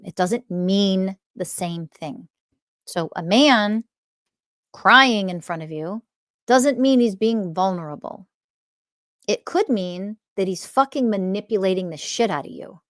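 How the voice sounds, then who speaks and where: A woman's voice: mid-range voice, no room sound, studio quality. A woman hosting a podcast as a spiritual teacher, ranting bluntly with frequent swearing and scornful asides. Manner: profane, emphatic and scornful, mocking voices in quotes.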